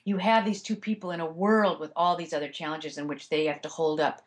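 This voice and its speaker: A woman's voice: deep voice, fairly even intonation, brisk. A woman audiobook narrator answering interview questions in a chatty way, with many fillers and restarts.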